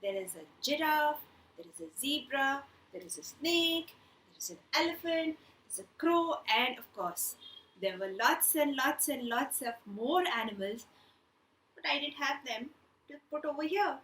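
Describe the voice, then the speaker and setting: A woman telling a children's story and leading a craft class, in an animated, playful way, putting on animal sounds. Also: high-pitched, a little slow, a little hiss or hum. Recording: echoey room.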